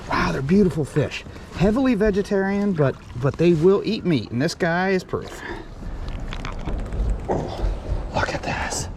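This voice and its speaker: Excitable gravelly man fishing a creek. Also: fairly high pitch, slow, long pauses, slight background noise. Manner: excitable, chatty, talks to the fish. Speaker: fishing vlogger. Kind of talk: casual on-the-spot fishing vlog. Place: outdoors by a small creek.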